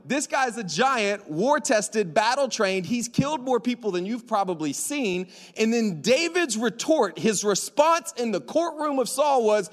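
A man preaching a sermon to a church congregation, animated and joking, acting out dialogue in slang. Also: extremely high pitch, measured pace, hardly any pauses. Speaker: pastor. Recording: long hall reverb.

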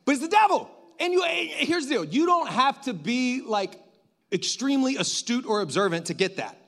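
This sermon comes from a man whose high voice has a bit of brightness. He keeps things loose and conversational, speaking directly to his listeners, posing questions and slipping in humorous asides.

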